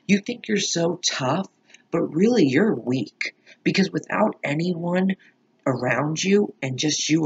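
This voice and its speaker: This man, a show reaction vlogger, gives rambling, profane, emphatic commentary on a TV episode. His medium-pitched voice is husky with vocal fry, and the highs are cut off.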